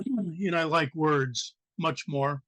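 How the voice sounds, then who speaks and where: A man from the American Midwest with a raspy voice, reading his poem at an online open mic over a video call, halting with many fillers. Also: fairly high pitch, fairly bright tone, no room sound.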